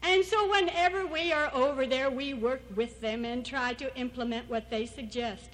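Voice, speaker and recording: A woman's voice: sits high, moderate pace, a bit bright, poor audio. A woman giving an anecdotal church talk as a missionary speaker, storytelling and acting out the people she quotes.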